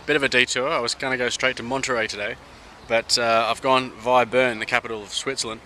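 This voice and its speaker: An Australian man talks to the camera on a travel vlog, loose and slangy. His voice is bright and clear at a mid pitch, recorded outdoors by a river. A faint wash of city and traffic noise sits behind him. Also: steady tone, quick pace. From Sydney, Australia. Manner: chatty and upbeat, with slangy asides. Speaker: travel vlogger. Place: outdoors by a river on a hot day.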